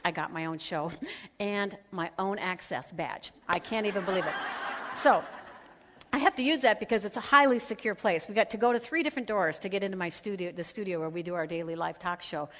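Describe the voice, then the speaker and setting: A middle-aged woman speaker telling a lively, laughing story at a women's conference, acting out the voices of the people in it. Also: mid-range voice, a little fast, slight background noise. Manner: animated, laughing, acts out quoted voices. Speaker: radio host and conference speaker. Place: large conference hall. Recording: hall reverb.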